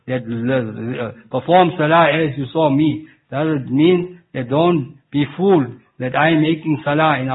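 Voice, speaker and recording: Husky-voiced man preaching over a tinny line. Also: fairly high pitch. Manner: halting, with many restarts and Arabic recitation. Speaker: Sufi preacher. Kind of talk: Islamic sermon. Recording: tinny phone-like recording.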